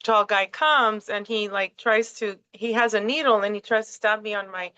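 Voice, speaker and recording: Host, woman; excitable, swearing, rambling; lo-fi call sound. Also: medium pitch, normal speed, clear, resonant tone, no room sound. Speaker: podcast host. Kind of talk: casual conspiracy chat. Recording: dull lo-fi call audio.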